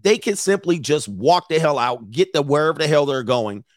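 A man hosting a live commentary, reading messages aloud and reacting to an audience in the room with blunt, profane, animated asides. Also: on the high side, moderate pace, no room sound, studio quality. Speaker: commentary host.

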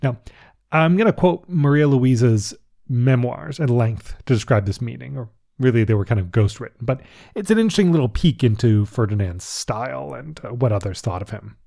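A man's voice: medium pitch, lively intonation, normal speed, creaky, warm tone. A man hosting a history podcast, narrating in a casual way with chuckling asides. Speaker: podcast host.

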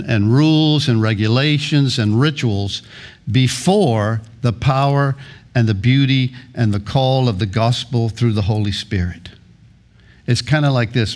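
Man pastor preaching, earnest, keeps stacking lists and repeating lines, mid pitched voice. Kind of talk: sermon.

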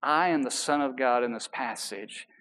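A man preaching a sermon as pastor, emphatic and building, with relaxed conversational asides to the congregation. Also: mid-range voice, normal speed.

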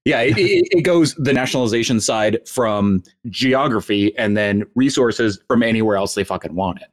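A man's voice: on the low side, expressive, normal speed. A man in a casual podcast discussion, thinking aloud with restarts and casual swearing.

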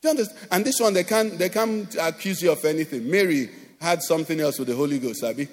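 A man with a Nigerian accent preaching a sermon as pastor, animated, acting out quoted voices and often asking "do you understand?". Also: fairly high pitch, quick pace. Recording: long hall reverb.

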